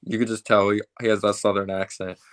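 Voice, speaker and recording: A man hosts a casual fan sports show in a lowish voice. He talks loosely with plenty of fillers, like someone chatting with friends after a game. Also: flat delivery, brisk. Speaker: fan podcast host.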